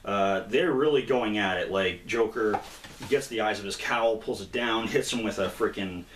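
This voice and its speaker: A man co-hosting a casual review, recapping a story with lively bits of acting. His voice sits somewhat low. He sounds distant from the mic in a roomy space with faint background hiss. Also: normal speed. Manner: animated retelling, acts out character lines. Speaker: comic review co-host. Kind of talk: casual chat, retelling a comic.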